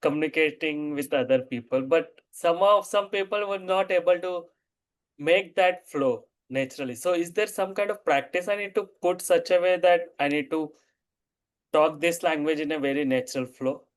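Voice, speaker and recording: Halting man asking his coach questions. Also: fairly high pitch. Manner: halting, restarts his sentences. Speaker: learner.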